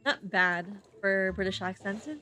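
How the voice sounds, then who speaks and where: A woman's voice: mid-range voice, fairly even intonation, pushed and bright, faint music behind. A woman streamer reading game narration aloud, stumbling over words and restarting often. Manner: halting reading with frequent slips and restarts.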